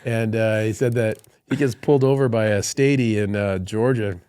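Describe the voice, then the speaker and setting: A man's voice: on the low side, fairly even intonation, moderate pace, mellow, clean tone, no room sound. A middle-aged man, a Marine colonel, telling stories in a podcast conversation and laughing through his anecdotes.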